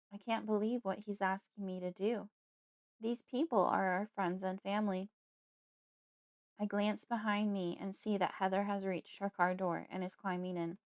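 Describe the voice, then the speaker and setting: A woman reading a creepy horror audiobook in the first person, at a steady, measured pace. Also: medium pitch, no room sound, studio quality. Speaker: audiobook narrator.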